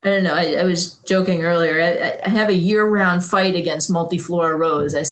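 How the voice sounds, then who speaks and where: Brief: low-pitched New farmer woman, middle-aged, easygoing radio guest. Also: brisk, lo-fi sound. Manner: easygoing, hesitant with fillers, laughs easily. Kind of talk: radio interview.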